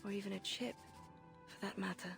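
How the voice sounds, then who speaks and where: A young athlete turning her bitterness on herself, hissing cruel words in a hushed inner voice. It is video game voice acting at a middle pitch, with soft game music playing underneath. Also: steady tone, brisk, vocal fry. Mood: self-loathing. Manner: harsh, self-berating inner voice, hushed at times. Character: young woman athlete, bitter and self-loathing.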